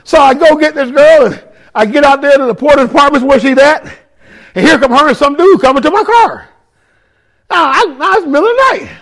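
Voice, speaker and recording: A man telling his life story as a testimony, emphatic, sinking low and quiet when he warns. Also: animated, brisk. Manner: emphatic, drops low and quiet for quoted warnings.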